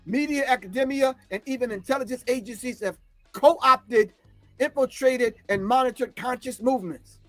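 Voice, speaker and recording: Man, high voice, fiery lecturer who scolds the listener and drives each point home by repeating it. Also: moderate pace, dry recording, soft background music. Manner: emphatic, repeats "all right?" and lines for emphasis; scolding, confrontational. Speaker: commentator. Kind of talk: impassioned spoken lecture.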